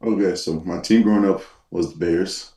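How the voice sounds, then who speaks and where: Deep, laid-back young man on a call. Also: moderate pace, mellow. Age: young adult. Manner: laid-back, uses fillers like um and nah. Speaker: football player guest. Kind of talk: casual interview chat. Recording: echoey, distant call audio.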